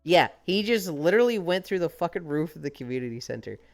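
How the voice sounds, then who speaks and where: A young adult woman streaming and chatting casually, telling stories with lively acted-out quotes. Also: fairly low pitch, fast talker. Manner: animated storyteller, acts out quoted characters. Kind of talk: casual chat.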